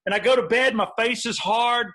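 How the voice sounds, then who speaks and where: A man's voice: extremely high pitch, fairly quick, bright, forceful tone. A middle-aged man hosting a podcast, bantering in a joking, laid-back way. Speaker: podcast host. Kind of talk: casual chat.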